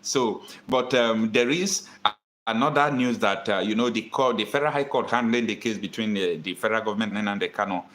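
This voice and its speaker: A man's voice: on the low side, a little fast, a bit bright. A Nigerian man hosting a call-in political talk show, earnest and repeating his points for emphasis. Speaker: host taking callers.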